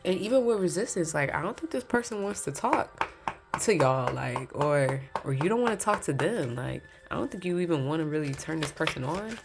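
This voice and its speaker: A woman's voice: low voice, expressive, brisk, vocal fry, music in the background. A woman giving a casual pick-a-card tarot reading, chatty and candid, talking straight to her viewers and laughing between points.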